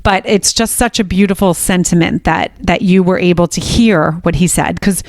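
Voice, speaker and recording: A middle-aged woman hosts a podcast interview in a lowish voice. She rambles with many restarts and speaks with feeling. The sound is dry and close, with no room in it. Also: moderate pace, dry recording. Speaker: podcast host. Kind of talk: conversational interview.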